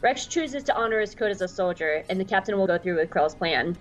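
A woman's voice: mid-range voice, lively intonation, brisk, highs cut off, soft background music. Chatty woman recapping a cartoon. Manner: chatty, irreverent. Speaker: podcast host. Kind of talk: casual recap.

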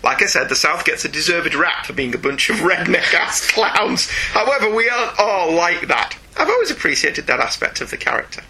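A man's voice: fairly high pitch, sing-song, normal speed, hardly any pauses, sharp tone, a little hiss or hum, rough recording. A man co-hosting a casual chat show, reading listener mail aloud with a playful, laughing manner. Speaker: podcast co-host reading listener email.

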